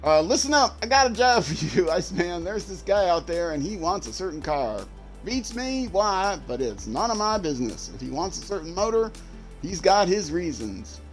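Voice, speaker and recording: A man voicing a gruff male mission giver in a video game, with a put-on accent and clipped, mock-tough orders. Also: sits high, big pitch swings, normal speed, faint music behind, pitched above the performer's own voice. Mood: gruff, conspiratorial.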